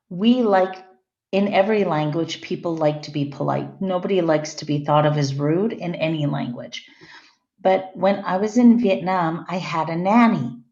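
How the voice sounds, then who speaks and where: A fairly low, mellow female voice belongs to a middle-aged teacher who delivers a chatty classroom lecture and checks in with her students. It was recorded in an echoey room with dull, lo-fi sound.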